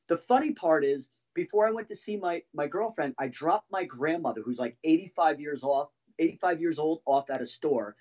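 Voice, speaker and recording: A man telling his own story as a podcast guest, halting and restarting often as he talks. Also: on the high side, darkish tone, lo-fi sound. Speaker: guest, former band drummer. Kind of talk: casual podcast interview storytelling.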